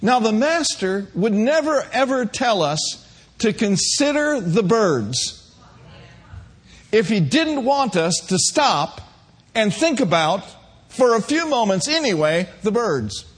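High-voiced, slow, emphatic preacher. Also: male voice, very animated, husky. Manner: emphatic, humorous, calls out to congregation. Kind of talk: sermon.

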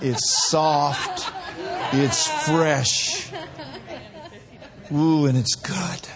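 A man from Minneapolis preaching a sermon, playful and animated, sometimes rising to shouts. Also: fairly high pitch, drawn-out words, pauses often, some chatter behind. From Minneapolis, USA.

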